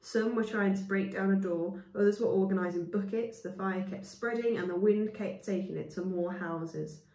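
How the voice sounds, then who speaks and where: A woman's voice: mid-range voice, moderate pace, few pauses, warm tone. A woman reading a storybook aloud as a storyteller, with casual asides to her listeners. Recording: echoey room, voice from far off.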